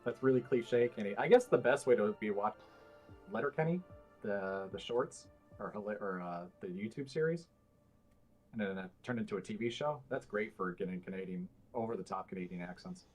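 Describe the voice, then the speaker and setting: A man's voice: on the low side, lively intonation, normal speed, darkish tone, faint music behind. A man taking part as a guest in a casual roundtable podcast chat, rambling and restarting his sentences.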